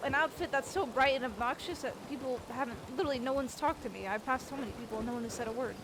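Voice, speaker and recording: A woman's voice: sits high, racing, noisy background. A woman streaming a western roleplay game, chatting casually, swearing freely and thanking viewers.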